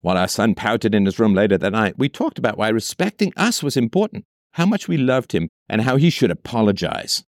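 A man's voice: on the low side, sing-song, a little fast, few pauses, no echo, studio quality. A man reading a text aloud and cutting in with sarcastic, emphatic commentary, often repeating phrases for effect.

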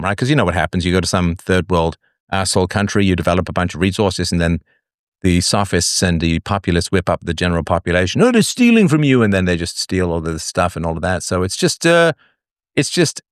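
A man's voice: low-pitched, fairly quick, no room sound, clean studio sound. A man hosting a live call-in show, blunt with crude asides, swinging his voice up and down as he talks. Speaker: host.

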